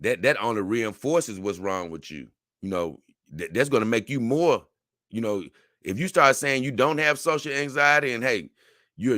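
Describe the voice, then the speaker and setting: A man's voice: mid-range voice, a bit bright, dry recording, clean studio sound. A middle-aged man hosting a casual talk show, answering viewer comments in a rambling way and often stammering as he restarts his words. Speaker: show host.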